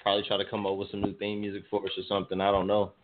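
A man co-hosting a loose radio chat, slangy and emphatic as he argues his point. His voice sits on the low side and sounds narrow and tinny, like a phone line. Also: completely flat delivery, racing, a little hiss or hum. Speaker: podcast co-host.

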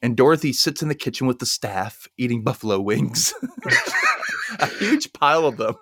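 Animated man recapping a film. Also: mid-range voice, normal speed, noisy background. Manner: animated, laughs often, acts out quotes. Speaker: podcast host recapping a film. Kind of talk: casual chat.

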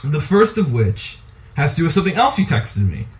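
A man co-hosting a podcast, talking casually about movies in an animated, opinionated way and laughing often. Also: fairly high pitch, brisk. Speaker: podcast co-host.

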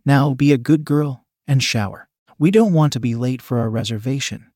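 A man voicing a dominant, teasing man who speaks low, soft and commanding. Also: moderate pace, no room sound, clean studio sound, close to an everyday voice.

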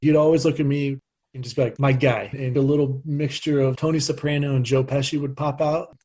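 A man's voice: mid-range voice, flat delivery, fairly quick, warm tone. A man, a former college basketball player, telling stories about his coach in a hesitant way. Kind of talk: casual storytelling.

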